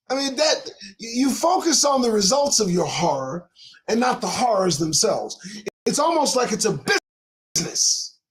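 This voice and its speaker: High voiced guy ranting about the news, lots of swearing and rhetorical questions, voice all over the place. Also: low-quality recording. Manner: heated, profane, fires rhetorical questions. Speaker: podcast host. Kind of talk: commentary monologue on news items.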